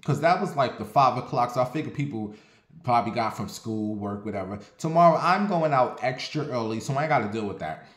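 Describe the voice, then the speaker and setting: A man from Ohio telling a casual story in an animated, profane, dramatic way. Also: mid-range voice, a little fast. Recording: roomy echo.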